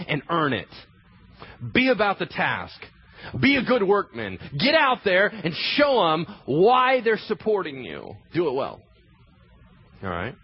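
A man's voice: mid-range voice, slightly rough. A man preaching a sermon with lots of energy, acting out scenes in funny voices. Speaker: pastor. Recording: slightly dull sound with faint ambient noise.

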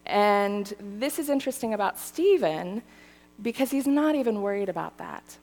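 Speaking at normal speed in a medium-pitched voice, a woman pastor delivers a conversational sermon in a big-room acoustic. She stays animated and keeps checking in with the audience, frequently asking "right?" and "okay?"

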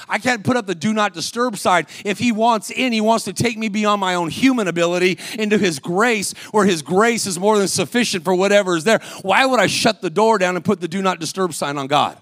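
A man's voice: high voice, brisk, few pauses, no echo, clean studio sound. A man preaching a sermon as a guest speaker in a church, calling out to the congregation and acting out voices in his stories. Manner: energetic, calls out to the congregation, acts out voices in stories.

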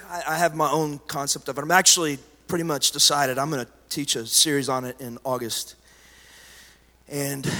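Animated preacher in a reverberant hall. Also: male voice, mid-range voice. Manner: animated, swings from loud preaching to quiet storytelling. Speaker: pastor. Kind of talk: sermon. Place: church sanctuary. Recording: live church hall with long reverb.

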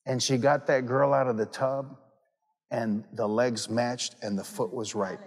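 A man's voice: mid-range voice, steady tone, unhurried, husky, in a large hall. A man preaching a sermon to his congregation. He tells stories and repeats phrases for emphasis. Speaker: pastor.

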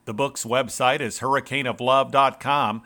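A man hosting a religious radio program, introducing guests and asking interview questions in a measured broadcaster's delivery. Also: mid-range voice, fairly even intonation, bright, forceful tone. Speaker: radio host.

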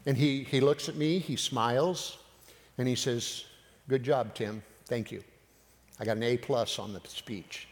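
A man preaching, telling a personal story with animated retelling of dialogue. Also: medium pitch, measured pace. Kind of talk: sermon storytelling. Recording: long hall reverb.

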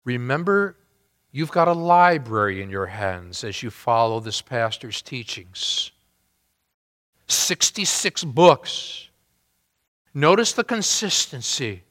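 A pastor preaching a sermon with dramatic rising and falling delivery, in a large church hall. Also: male voice, fairly high pitch, fairly bright tone. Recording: long hall reverb.

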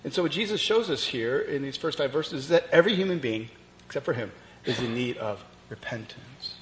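A man's voice: mid-range voice, expressive, fairly quick. A man preaches a sermon in an easy, conversational way, with frequent fillers and restarts. His mid-range voice carries a long reverb from the room, with faint ambient noise behind it. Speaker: pastor.

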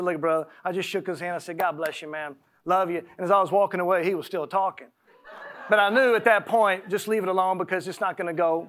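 A man with a high voice delivering a sermon. He swings between slow, emphatic scripture reading and relaxed, conversational storytelling. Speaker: preacher.

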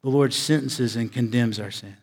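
A male pastor delivering a sermon, with dramatic pauses, swinging from loud emphasis to hushed, low delivery. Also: slightly rough, big-room sound.

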